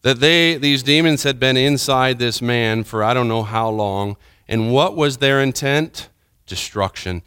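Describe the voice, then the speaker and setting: A man delivers a sermon with a bright, forceful voice that stays smooth and crisp throughout. He swings dramatically between urgent, raised passages and hushed, low asides. The sound is dry and close. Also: a little slow, no echo. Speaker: preacher.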